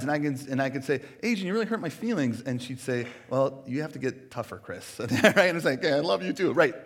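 A man preaching a sermon in a casual, conversational way, heavy on fillers, moving between hushed reflection and emphatic, animated questions. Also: medium pitch. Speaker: pastor.

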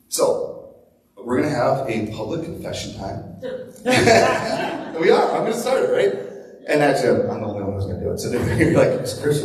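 A man's voice: on the high side, a little mellow. A man in his thirties preaching a casual, conversational sermon, chatty and full of fillers like "like" and "right?". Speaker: pastor. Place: church hall. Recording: echoey hall from far off, faint noise.

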